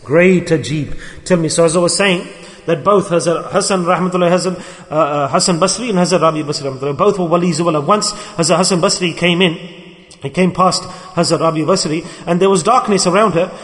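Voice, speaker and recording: A man's voice: a little high, fast, fairly bright tone, big-room sound. A man preaching a sermon to his brothers, telling stories and acting out the quoted voices of the people in them. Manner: storytelling, acts out quoted speech.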